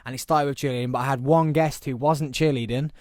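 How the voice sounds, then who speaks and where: A man's voice: mid-range voice, fairly even intonation, fast talker, darkish tone, no room sound. A young British man hosting a casual podcast, chatty and giggly, a little tipsy, joking with his friends in a small studio. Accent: British English. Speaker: podcast host. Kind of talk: casual chat. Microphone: headphones and studio mic.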